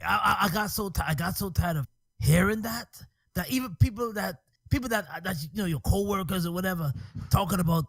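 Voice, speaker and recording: A man co-hosting a casual podcast discussion, with a husky voice and stammering restarts. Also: high-pitched, brisk, a little mellow, no echo. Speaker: podcast co-host.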